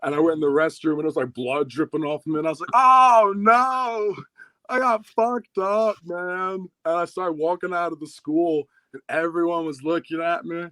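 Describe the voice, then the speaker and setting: A man's voice: quick pace, no echo. A man in his thirties, a podcast guest, telling a story in casual chat with lots of swearing. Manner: animated, profane storytelling that gets louder and higher when excited.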